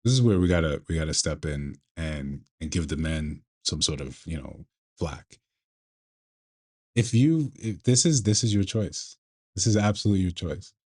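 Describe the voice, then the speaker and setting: Male commentator, low register, lecturing, restarts mid-sentence. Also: animated, darkish tone. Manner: measured, lecturing, with frequent restarts. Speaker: commentator reacting to a clip. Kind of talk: casual commentary.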